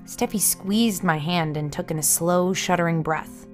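Brief: woman, low-pitched, hushed and tense horror narrator, soft music bed. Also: measured pace. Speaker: storyteller. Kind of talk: first-person scary story narration.

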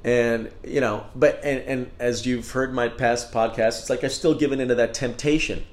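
A man's voice: medium pitch, fairly even intonation, moderate pace. A man hosting a casual solo podcast, talking in a rambling, candid and profane way. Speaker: podcast host. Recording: roomy echo.

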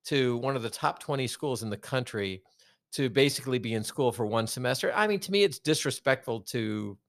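A man's voice: medium pitch, animated, a little fast, a bit bright, dry recording, clean studio sound. A man co-hosting a casual sports podcast, talking in a rambling way with many restarts. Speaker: podcast co-host.

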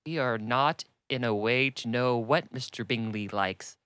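A man voicing a fretful, nervous middle-aged mother who complains in a shrill, fussing way. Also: measured pace, fairly bright tone, clean tone, no echo, natural voice. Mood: complaining.

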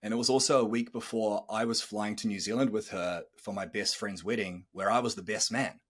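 A man in his thirties hosts a podcast and recounts his own past with candid earnestness. His voice sits on the lower side, with a husky grain, and he drops casual swear words. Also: steady tone, brisk, fairly bright tone. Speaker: podcast host. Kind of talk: personal storytelling on a podcast.

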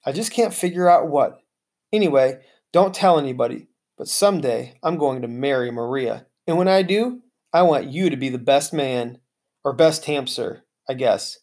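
A reader voicing an excitable, lovesick adult man who talks in exuberant bursts. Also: moderate pace, close to an everyday voice. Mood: gushing. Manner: exuberant, booming.

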